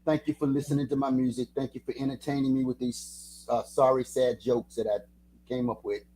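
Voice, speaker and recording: Lively older man telling stories. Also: mid-range voice, brisk, slight background noise. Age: 70s. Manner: animated storyteller, slips into impressions. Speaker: guest musician. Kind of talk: casual radio chat.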